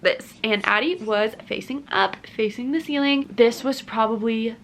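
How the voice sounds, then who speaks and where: Speaking to camera at a moderate pace, a twenty-something family vlogger sincerely shares something that happened to her, chatty and casual, saying "like" a lot. Her voice is fairly high and bright, with slight background noise.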